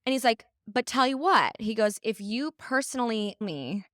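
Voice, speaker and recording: Woman, twenties, podcast co-host; lively storyteller, higher voice, acts out every quote. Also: moderate pace, no room sound, studio quality. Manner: animated storyteller, acts out quotes, laughs often. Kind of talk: casual chat, storytelling.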